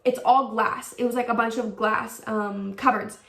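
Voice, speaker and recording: A woman's voice: fairly high pitch, fairly even intonation, normal speed, a bit bright, reverberant, far from the mic. A young woman vlogger telling a personal story in a casual, chatty way, full of "like" fillers and acted-out quotes. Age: young adult.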